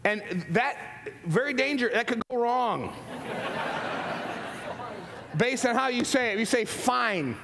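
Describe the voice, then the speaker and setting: A man's voice: extremely high pitch, expressive, measured pace, long pauses, background noise. A man giving a humorous motivational talk to a live audience, playful and jokey, asking the crowd questions. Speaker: leadership speaker. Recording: long hall reverb, faint ambience.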